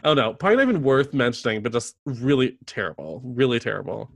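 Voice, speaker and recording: A man co-hosting a podcast in casual chat, blunt and snarky, talking in an animated way. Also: mid-range voice, fast, vocal fry, dry recording. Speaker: podcast co-host.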